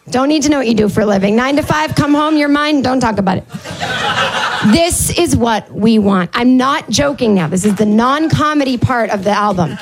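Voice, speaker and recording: High-voiced woman doing stand-up. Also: noisy background. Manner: chatty, sarcastic, acts out voices. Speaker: stand-up comedian. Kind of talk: stand-up routine.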